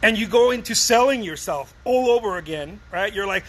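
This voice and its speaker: A man giving a casual, energetic talk to fellow artists about selling, often calling listeners "baby" and acting out short dialogues. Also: very high-pitched, fast talker, few pauses, a little hiss or hum, poor audio. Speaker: artist coaching other artists on sales.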